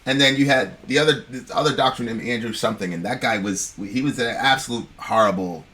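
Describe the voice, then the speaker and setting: A man's voice: mid-range voice, a little fast, bright, forceful tone. A man co-hosting a podcast, telling a personal story in a rambling, casual way, swearing freely and often asking "you know what I'm saying". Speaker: podcast co-host.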